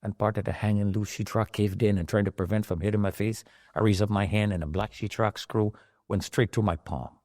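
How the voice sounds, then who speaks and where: A man's voice: on the low side, steady tone, fairly quick, darkish tone, no echo, clean studio sound. A middle-aged man telling his own survival story in an emotional, dramatic way, rising into pleading outbursts. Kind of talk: personal testimony.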